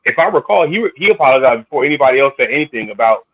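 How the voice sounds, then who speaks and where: A man's voice: mid-range voice, lively intonation, very fast, phone-quality sound, a crowd in the background. A man on a casual podcast panel who challenges the others with pointed questions. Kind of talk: casual debate among friends.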